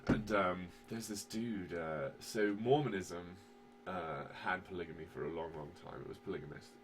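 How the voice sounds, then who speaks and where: On a podcast, a man with a deep voice chats casually at a moderate pace. He rambles, uses plenty of fillers and swears, and now and then works himself up into heated rants.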